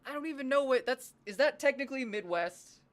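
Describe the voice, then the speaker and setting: A streamer from the Northwestern US, chatting casually with viewers, animated and self-deprecating, swearing freely. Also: high-pitched, fairly quick.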